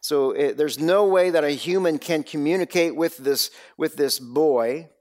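A man preaching a sermon, telling the story with dramatic swings between loud bursts and hushed, low lines. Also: unhurried. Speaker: pastor.

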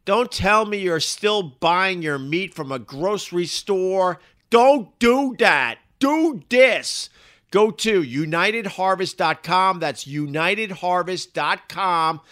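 Man putting on a high, gravelly, overexcited ad-pitchman voice, slow and punchy. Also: animated, a bit bright, exaggerated voice. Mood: hyped. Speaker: ad reader. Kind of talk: over-the-top podcast ad read.

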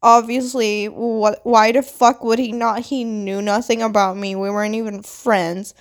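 A young adult woman vlogger telling a personal story in a casual, animated way, swearing often and full of "like" fillers. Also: fairly high pitch, a little slow. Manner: animated, dramatic retelling with quoted voices. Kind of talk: storytime monologue.

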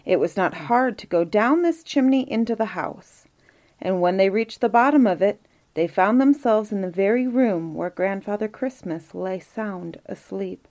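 A woman reading a Christmas storybook aloud in a gentle, measured narration. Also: medium pitch, animated.

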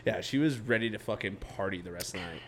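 A man's voice: fairly low pitch, quick pace, fairly bright tone, a little hiss or hum. A man co-hosting a casual chat, telling stories with lots of swearing and acted-out quotes. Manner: laughing storyteller, swears a lot, acts out quotes. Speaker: podcast co-host.

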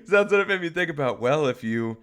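A man's voice: a little high, animated, fast talker, fairly bright tone, clean tone. A young adult man co-hosting a podcast, telling rambling stories in casual chat and laughing often. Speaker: podcast co-host.

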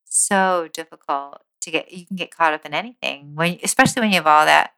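A woman's voice: low voice, fairly quick, vocal fry, bright, forceful tone, smooth. An American woman in her thirties, co-hosting a podcast in casual, giggly chat with lots of fillers. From United States. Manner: giggly, chatty, many "like"s. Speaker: podcast co-host.

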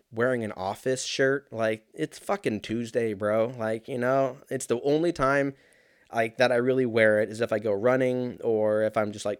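A man in his early thirties telling a rambling, profane story in a casual, animated way, full of fillers. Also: on the low side, no room sound, studio quality. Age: 30s.

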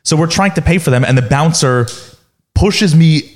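A young man co-hosting a podcast, telling a story in an animated, halting way full of restarts. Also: a little high. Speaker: podcast co-host. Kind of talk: casual storytelling chat.

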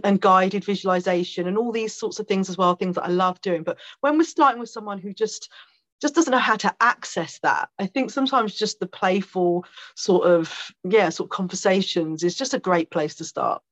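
A woman guest on a podcast telling a personal story in a chatty, animated way, with fillers and quick laughs. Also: medium pitch, highs cut off. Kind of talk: conversational storytelling.

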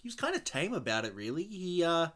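An easygoing man chatting about a movie in a casual commentary. His voice swings lively up and down, and he hesitates a bit as he gathers his thoughts. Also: on the high side, fast.

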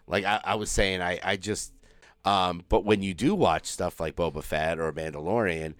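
A man with a very low voice co-hosts a podcast in loose, casual chat. He rambles, restarts his sentences and swears freely. The sound is dry and close. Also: normal speed, no room sound. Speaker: podcast co-host.

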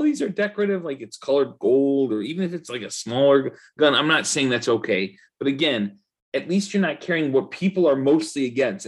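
A man's voice: medium pitch, breathy edge. A man co-hosting a podcast, chatting casually in a loose, profane, ranting way. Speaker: podcast co-host. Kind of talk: casual chat.

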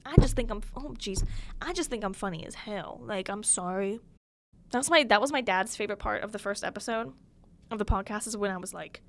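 A young woman hosting her own podcast alone in a small studio, chatting casually and gushing, swinging between loud bursts and soft near-whispers. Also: medium pitch, fairly quick. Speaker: podcast host. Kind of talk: casual solo podcast chat. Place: small studio room with a window.

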